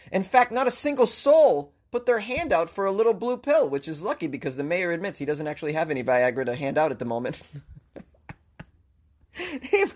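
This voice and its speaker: Rambling, joking man with a high-ish voice. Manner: rambling, joking, self-deprecating asides. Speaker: comedic news commentator. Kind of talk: comedic commentary on a news story.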